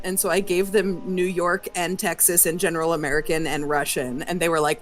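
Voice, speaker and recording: A woman voice actor chatting on a casual live stream, telling stories quickly and laughing often. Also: fairly low pitch, fairly even intonation, faint music behind. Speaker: voice actor and casting director.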